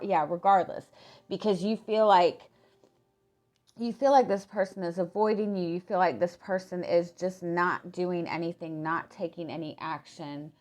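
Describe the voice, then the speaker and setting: Low and a little mellow, this woman's voice is hoarse and failing as she offers a relaxed tarot reading. She keeps restarting words and saying "like" as she goes.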